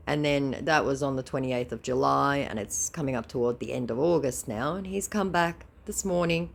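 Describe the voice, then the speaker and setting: Sarcastic woman with gravelly voice. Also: very deep voice, normal speed. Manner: sarcastic, teasing. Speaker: scam baiter. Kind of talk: mocking recap of a chat.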